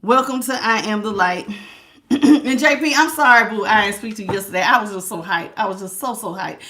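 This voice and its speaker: A woman's voice: mid-range voice, a little fast, a bit bright, slight background noise. A woman giving a live spiritual tarot reading, preachy and emphatic, repeating words for stress. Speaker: tarot reader.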